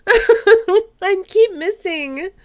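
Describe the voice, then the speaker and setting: Giggly high-voiced woman streamer. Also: animated, extremely slow, darkish tone. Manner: giggly, playful, laughs often. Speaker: game streamer. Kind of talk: casual gameplay commentary. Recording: faint game music behind.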